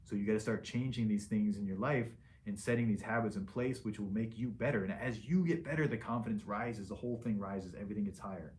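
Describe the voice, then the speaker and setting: A man's voice: on the low side, fast, hardly any pauses, a little mellow, a little hiss or hum. A man speaking as a liposuction surgeon in a casual patient Q&A, frank and plain-spoken, with loose restarts.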